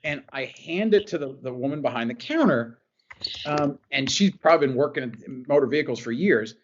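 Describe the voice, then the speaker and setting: A man's voice: on the high side, lively intonation, fairly quick, muffled recording. Earnest man telling a personal story. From New Jersey. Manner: earnest, repeats phrases, restarts sentences. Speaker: podcast guest. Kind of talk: emotional personal storytelling in an interview.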